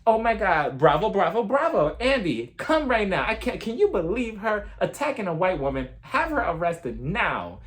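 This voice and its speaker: A man's voice: fairly high pitch, sing-song, moderate pace, a bit bright. A man mimicking an indignant, theatrical rich woman who is huffy and flustered. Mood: outraged.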